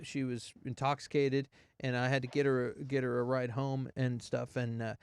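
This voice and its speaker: A man co-hosting a podcast in casual chat, telling stories in a rambling, animated way with many restarts. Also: medium pitch, moderate pace, smooth. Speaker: podcast co-host.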